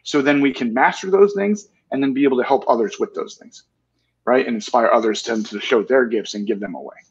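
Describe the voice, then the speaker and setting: An earnest man in his forties talks candidly as an interview guest, often checking in with "right?". His voice is slightly husky. The recording is muffled and lo-fi. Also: mid-range voice, expressive, brisk. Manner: earnest, tag questions with "right?".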